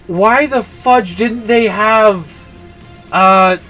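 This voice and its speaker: A man's voice: high voice, drawn-out words, bright, forceful tone, faint music behind. A man streaming a video game, ranting about the story and swapping mild words in for swearing. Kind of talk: casual gameplay commentary.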